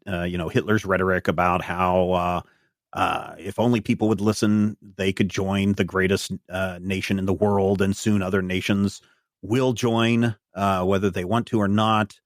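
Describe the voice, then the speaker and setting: A man narrating as game master of a tabletop game, rambling with many pauses and fillers. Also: deep voice, steady tone, dry recording, studio quality. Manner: rambling, many "uh"s and restarts while describing.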